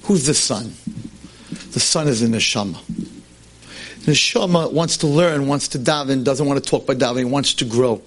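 A man teaching a class, telling a tale in an animated, emphatic way. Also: medium pitch, normal speed, long pauses. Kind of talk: storytelling lecture.

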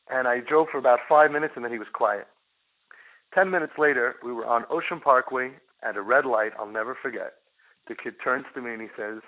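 A middle-aged man, a parenting guide, telling a case story in an animated way and repeating words for emphasis. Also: mid-range voice, a little fast. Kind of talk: storytelling talk. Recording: tinny phone-line sound.

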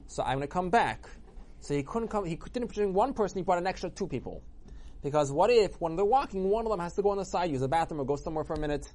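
A man retelling a religious story for children in an animated way, acting out the characters. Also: high voice, fast.

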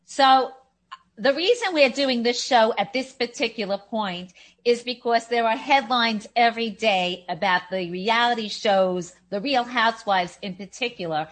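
A woman's voice: medium pitch, fairly bright tone. A woman interviewing a guest, asking leading and pressing questions.

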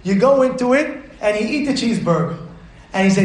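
A man's voice: sits high, animated, fairly quick. A man, a rabbi, giving an emphatic Torah class lecture, repeating his points and putting questions to his listeners. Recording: roomy echo.

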